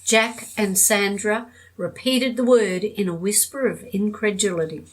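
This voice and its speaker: Woman narrating an audiobook, measured. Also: medium pitch, fairly even intonation, low-quality recording.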